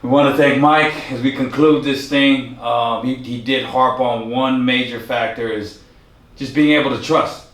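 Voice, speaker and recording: A man's voice: medium pitch, fairly even intonation, a little slow, fairly bright tone, roomy sound, far from the mic. A man hosting an interview, asking long rambling questions and summing up his guest's points. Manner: rambling, wraps up with summaries. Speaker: interview host.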